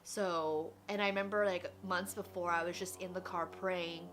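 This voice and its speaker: Young adult woman, candid personal storyteller, animated, acts out the voices she quotes. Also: fairly low pitch, normal speed, slight background noise. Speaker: vlogger.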